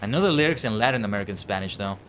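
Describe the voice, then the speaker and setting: A man's voice: on the low side, lively intonation, very fast, a bit bright, slight background noise. A young man chatting casually with his viewers while playing and commenting on an online game. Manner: chatty, talks to chat. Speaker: streamer. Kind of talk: livestream gameplay commentary. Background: game music.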